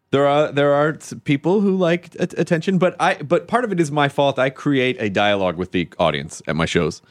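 A man hosting a podcast in casual, enthusiastic and joking chat. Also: medium pitch. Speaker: podcast host.

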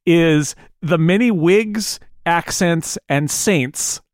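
Man, podcast host, fairly high voice, dry close sound, rambling chat. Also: drawn-out words, no room sound. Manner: rambling, many restarts. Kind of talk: casual chat.

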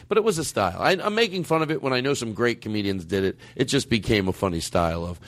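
A man's voice: mid-range voice, animated, fairly quick, dry recording. A man hosting a podcast in casual comedic chat, joking and slipping into an ad-read patter. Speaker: podcast host.

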